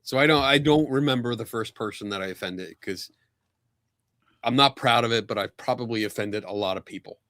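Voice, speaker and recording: Man hosting a podcast, animated storyteller, laughs a lot, dry close desk mic, mid pitch. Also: fairly quick, no room sound. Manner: animated storyteller, laughs often, acts out quotes. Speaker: podcast host. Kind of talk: casual anecdote on a video podcast.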